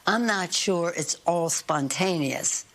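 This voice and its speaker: An older woman giving measured, halting interview answers, with frequent fillers and restarts. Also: lowish voice, a bit bright. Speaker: guest politician.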